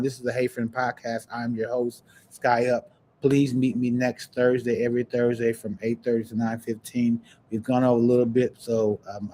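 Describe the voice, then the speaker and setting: A man hosting a podcast, chatting casually and preaching encouragement in a warm, churchy way. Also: mid-range voice, a little hiss or hum. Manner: warm, churchy, breaks into laughs and sing-song. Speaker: podcast host. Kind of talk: casual livestream chat, preachy sign-off.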